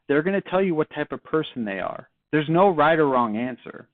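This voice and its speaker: A man's voice: on the high side, animated, a little fast, dry recording. A man giving casual sales training on cold calling, acting out sample phone lines in a conversational way. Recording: dry, tinny phone-like audio.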